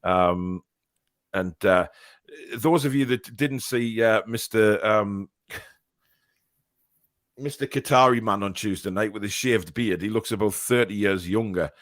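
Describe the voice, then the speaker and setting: A man's voice: lowish voice, a little slow, long pauses, a bit bright, no echo, clean studio sound. A man hosting a fan podcast in casual chat, reading viewer messages aloud. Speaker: podcast host. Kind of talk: casual live-stream chat.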